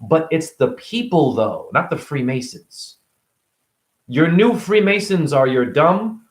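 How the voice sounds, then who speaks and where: Animated middle-aged man ranting. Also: on the high side, slow. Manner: animated, swinging between loud outbursts and quiet asides. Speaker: vlogger and spiritual teacher. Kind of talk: casual ranting monologue.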